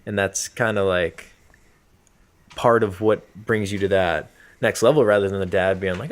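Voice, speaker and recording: A man's voice: low-pitched, normal speed. A young man co-hosting a podcast, rambling casually with lots of filler words. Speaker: podcast co-host.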